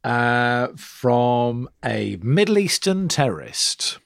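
A man co-hosting a casual podcast chat, teasing the others with quick jokes. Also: mid-range voice, big pitch swings, creaky, no echo, clean studio sound. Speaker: podcast co-host.

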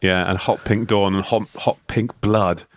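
A man's voice: lowish voice, fairly even intonation, unhurried, no echo. A man co-hosting a casual podcast, riffing and rambling through jokes with lots of fillers. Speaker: podcast co-host. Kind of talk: casual chat.

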